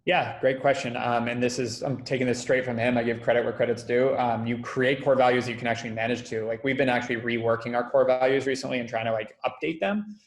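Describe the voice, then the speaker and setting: A man, a company founder, being interviewed and telling stories in a lively way, acting out quoted dialogue. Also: mid-range voice, echoey room. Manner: fast, animated, acts out quoted dialogue. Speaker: guest, company founder and CEO. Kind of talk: conversational interview storytelling.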